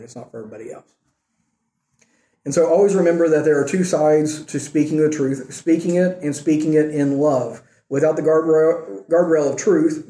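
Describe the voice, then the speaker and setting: A man's voice: fairly high pitch, mellow, reverberant. A man teaching a church class on marriage, often asking the class questions and checking in with "okay" and "right". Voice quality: says he has trouble with R's.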